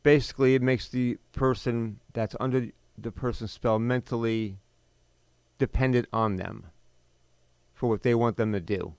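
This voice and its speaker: A middle-aged man hosting a podcast, telling a personal story in a blunt, bitter, emphatic way with sudden pauses. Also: medium pitch, fairly even intonation, a little mellow, clean tone, dry recording. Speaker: podcast host.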